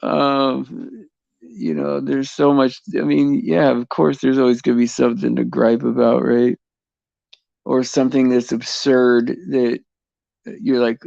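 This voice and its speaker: A man hosting a casual faith chat on a livestream, rambling and halting with many fillers, restarts and frequent chuckles. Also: medium pitch, little pitch movement, vocal fry, darkish tone, no echo, dull audio.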